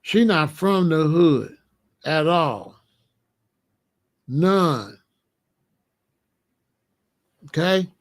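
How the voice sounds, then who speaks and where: A man's voice: on the high side, animated, drawn-out words, pauses often. Guy ranting bluntly at his viewers, casual commentary. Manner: blunt, emphatic, talks straight to viewers.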